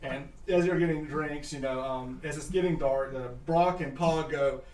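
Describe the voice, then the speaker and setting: A man, narrating a tabletop game as game master in an excitable, animated way. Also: a little high, roomy sound, far from the mic. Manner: animated, excitable, quick asides.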